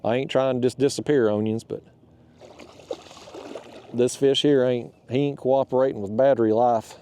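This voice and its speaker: Man, warm and relaxed tone, casual fishing-vlog host speaking from his kayak on a camera mounted to the boat. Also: medium pitch, normal speed, slight background noise. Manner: folksy and chatty, talks out loud to the fish. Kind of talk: casual on-the-water vlog talk. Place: outdoors on a kayak on a reservoir.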